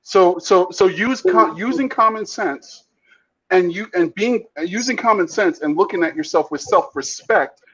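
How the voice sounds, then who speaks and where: A man's voice: high voice, measured pace, fairly bright tone, slightly rough, lo-fi sound. A man co-hosting a heated casual discussion, talking bluntly and emphatically with frequent profanity and repeated false starts. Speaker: podcast co-host.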